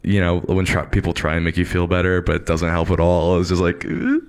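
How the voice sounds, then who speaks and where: A man with a very low voice tells a long, funny story on a panel. He is casual and self-mocking, and he laughs at his own bad luck as he talks. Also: completely flat delivery, fast, clear, resonant tone. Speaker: DJ on a convention panel.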